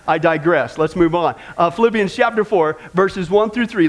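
A man's voice: high-pitched, normal speed. A man preaching a sermon on marriage, earnest and conversational, speaking straight to the congregation with touches of humor. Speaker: pastor.

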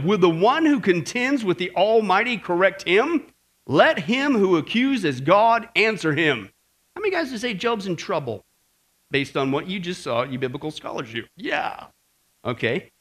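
A man preaching a sermon in a lively way, often checking in with the congregation. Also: high voice. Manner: lively, keeps checking in with "okay?" and "right?".

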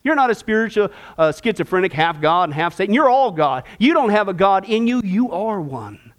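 High-voiced man preaching sarcastically. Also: expressive, a little fast, clean tone. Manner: emphatic and sarcastic, with rhetorical questions. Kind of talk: sermon-style Bible teaching.

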